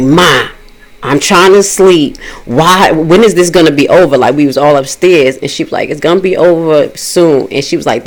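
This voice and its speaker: A woman telling a spooky personal story with lots of energy and cursing. She leaps up in pitch to play out the people in it, then drops low for the eerie parts. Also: poor audio. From Haitian family. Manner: animated, profane, acts out dialogue in a higher voice. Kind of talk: casual storytelling.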